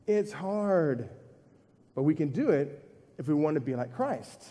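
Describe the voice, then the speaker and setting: A man's voice: fairly high pitch, animated, unhurried, warm tone, slightly rough, in a large hall. A man preaching a sermon to a church congregation in a conversational way, asking questions and repeating his points. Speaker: pastor.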